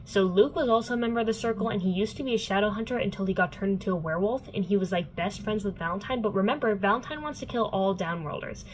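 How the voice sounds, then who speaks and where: A woman's voice: mid-range voice, a little hiss or hum, low-quality recording. Chatty young woman recapping a book. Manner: chatty, filler-heavy, sarcastic asides. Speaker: book vlogger.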